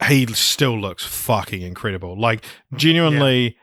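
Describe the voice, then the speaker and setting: Excited, rambling male podcast co-host. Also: mid-range voice, normal speed, dry recording, clean studio sound. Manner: rambling, enthusiastic, swears freely. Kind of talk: casual film discussion.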